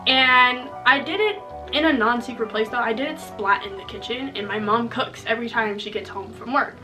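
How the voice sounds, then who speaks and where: A young woman vlogger recounts a childhood story to her viewers in a chatty, joking way, often ending lines with "okay?" Her voice is a little high and moderately paced, recorded from a distance over music on low-quality audio.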